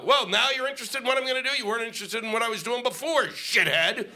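A man's voice: extremely high pitch, big pitch swings, a little fast, vocal fry, hardly any pauses, bright, forceful tone. Ranting, profane male stand-up comic. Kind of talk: stand-up comedy set. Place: comedy stage before a live audience.

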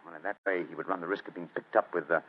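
A man's voice: low-pitched, steady tone. A man playing a shrewd Victorian detective on old radio. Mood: pondering. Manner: measured, deliberate deduction. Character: shrewd Victorian male detective, calm and commanding. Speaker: actor in radio drama. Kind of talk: old radio drama acting. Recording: dull old radio recording with hiss.

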